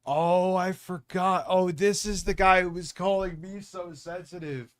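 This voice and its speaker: A man's voice: high voice, steady tone, unhurried. Sarcastic, profane male streamer. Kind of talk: reaction stream commentary.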